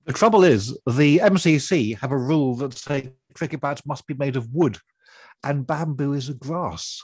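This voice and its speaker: A man's voice: mid-range voice, normal speed, a little mellow, husky, dry recording. A man bringing news items to a radio show, chatting casually in a wry, quibbling way in a studio.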